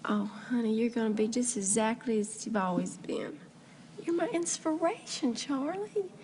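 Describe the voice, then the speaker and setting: An upbeat, devoted young wife from a TV comedy, as an actress plays her. Her voice is fairly high and swings about a lot. She pours out chirpy, gushing reassurance. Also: expressive, moderate pace, background noise, lightly acted.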